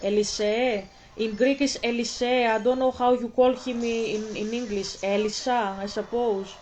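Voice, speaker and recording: A woman's voice: on the high side, fairly even intonation, normal speed, darkish tone, a little hiss or hum, rough recording. A woman hosting a reaction video, rambling and exasperated as she stumbles over her words. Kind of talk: casual reaction commentary.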